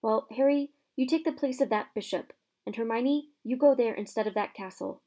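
A woman reading the lines of a clever young boy who directs a chess game, steady and determined. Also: a little high, moderate pace. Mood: bossy.

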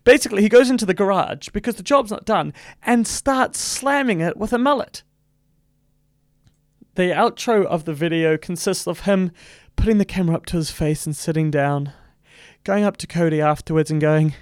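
A man's voice: high-pitched, moderate pace, no echo, clean studio sound. A man hosting a casual commentary podcast, rambling with many fillers and swearing in indignant rants. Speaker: podcast host.

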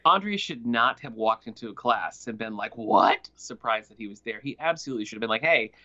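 A woman's voice: very deep voice, expressive, fast, bright, forceful tone, dull audio. A woman co-hosting a podcast, giving emphatic, opinionated takes on TV scenes. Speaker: podcast co-host. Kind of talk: casual TV recap chat.

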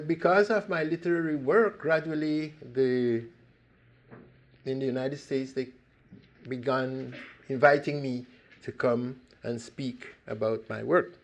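An older man from Costa Rica giving an earnest public talk, with sudden emphatic rises in his voice. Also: mid-range voice.

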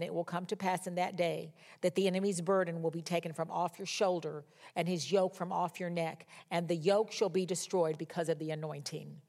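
A woman giving a conversational sermon as a Bible teacher, emphatic and repeating key words for stress. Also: mid-range voice.

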